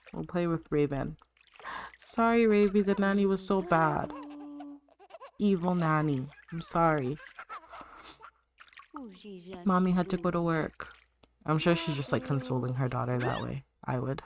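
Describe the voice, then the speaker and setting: A woman's voice: deep voice, normal speed, pauses often. A woman hosting a let's-play, chatting through her life-sim gameplay and talking straight to her game characters. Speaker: gaming channel host.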